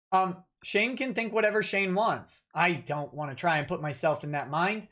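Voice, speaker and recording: A man reads donor messages on his livestream and replies spontaneously in casual chat, stumbling through many fillers and restarts. His voice sits high and sounds sharp, at a moderate pace with few pauses.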